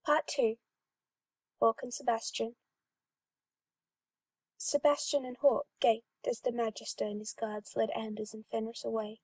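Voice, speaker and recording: A woman reading a fan-written story aloud in an even, smooth storytelling manner. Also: fairly high pitch, measured pace, long pauses, no echo. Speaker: story reader.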